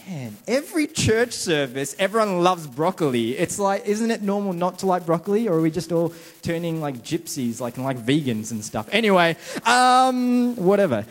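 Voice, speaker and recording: A young man giving a casual, joking sermon to a church congregation and quizzing the crowd. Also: high voice. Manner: chatty, self-mocking, quizzes the crowd. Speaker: preacher. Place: church service before a congregation.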